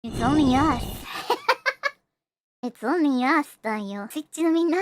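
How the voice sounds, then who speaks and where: A very high, squeaky woman's voice bounces all over the place as she giggles and teases her chat. She drawls her words slowly and throws in little Japanese tags. Loud music plays over her the whole time. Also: sing-song, very noisy. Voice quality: squeaky, childlike. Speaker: streamer. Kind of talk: playful live-stream chat.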